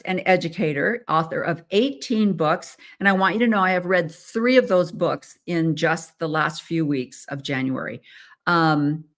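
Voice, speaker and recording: An American woman hosting a podcast, talking casually in a chatty, rambling way with many fillers and restarts. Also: on the low side. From United States. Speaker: podcast host. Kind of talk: casual solo talk.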